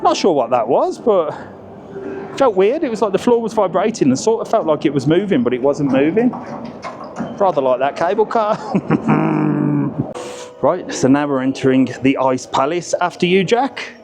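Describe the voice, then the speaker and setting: A man's voice: fairly high pitch, sing-song, normal speed, long pauses, music in the background. A middle-aged man, chatting and joking to a handheld camera in an indoor ice tunnel, a little out of breath. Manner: chatty, jokey, teasing. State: slightly out of breath. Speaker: travel vlogger. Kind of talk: casual vlog talking to camera. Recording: crowd chatter behind the voice. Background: crowd of visitors.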